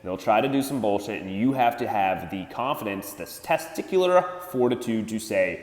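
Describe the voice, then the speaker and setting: A man's voice: fairly low pitch, normal speed, few pauses. Blunt, swearing man ranting in an echoey room. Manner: blunt and swearing, animated, mocks others in put-on voices. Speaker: dating advice podcaster. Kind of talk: profane ranting advice monologue. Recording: echoey room with long reverb.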